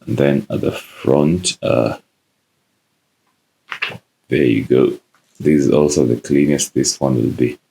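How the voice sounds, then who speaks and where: Relaxed and casual, this tech reviewer walks through an unboxing in a very deep, gravelly voice. He leans on lots of "uh" fillers along the way.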